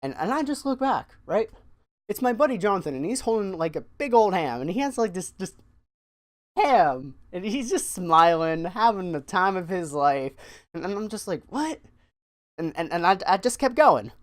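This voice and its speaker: A young man telling a story on his vlog, animated and profane, often repeating words as he gets excited. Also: high voice, a little fast. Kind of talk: casual storytime monologue.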